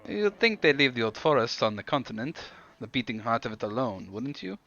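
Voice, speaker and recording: A man voicing a fierce, protective young woman activist who speaks slowly and firmly. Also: medium pitch, big pitch swings, sharp tone, muffled recording. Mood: grim.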